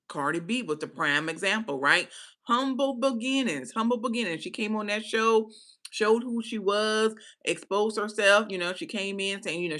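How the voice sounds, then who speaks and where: Host, female, AAVE speaker, bright tone, chatty live-stream commentary. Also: medium pitch. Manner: chatty, animated, slangy with "baby" and "right?".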